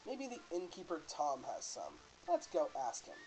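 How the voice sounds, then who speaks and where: A man's voice: high voice, very animated, moderate pace, a little mellow, soft background music, low-quality recording. A man voicing an eager young male wizard friend in a put-on British accent, reading game dialogue.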